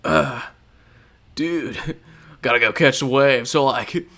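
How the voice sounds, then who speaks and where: A man's voice: medium pitch, takes it slowly, sharp tone. A man voicing a spaced-out surfer dude who co-hosts a comedy podcast, slangy and laid-back. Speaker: podcast co-host.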